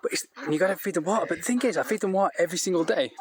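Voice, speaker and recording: Outdoors in a farmyard by a duck shed, a man who keeps poultry on his farm films a casual walk-and-talk vlog. He's rambling and chatty with many restarts, speaks very fast, and coaxes his animals in a higher voice, with crowd noise in the background.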